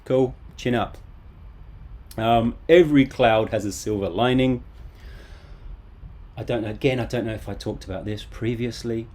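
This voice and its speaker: A man's voice: mid-range voice, normal speed, pauses often, a little mellow. A man in his thirties teaching a live online English lesson from home, casual and chatty with joking asides.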